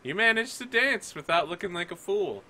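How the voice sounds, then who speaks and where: Guy running a tabletop game, chatty and loose, bright voice. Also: high voice, lively intonation, moderate pace. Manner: casual, chatty, many fillers. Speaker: game master.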